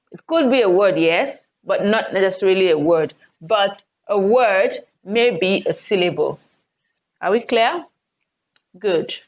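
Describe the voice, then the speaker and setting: A woman teaching an online lesson. She speaks deliberately and repeats words for emphasis. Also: mid-range voice. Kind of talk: recorded online English lesson. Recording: dull lo-fi recording.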